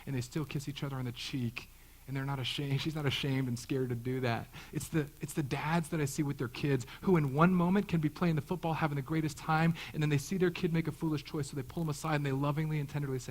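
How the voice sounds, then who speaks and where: A man's voice: medium pitch, steady tone, fast, poor audio. A man in his thirties, a pastor giving a conversational sermon, joking and acting out the voices he quotes. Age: 30s.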